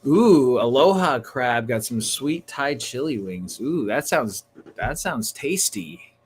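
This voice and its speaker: Excitable chatty man on a livestream. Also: medium pitch, takes it slowly, slightly rough. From Northern California. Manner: chatty, excitable, full of slang like "dude" and "bro". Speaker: livestream host. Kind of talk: casual livestream chat.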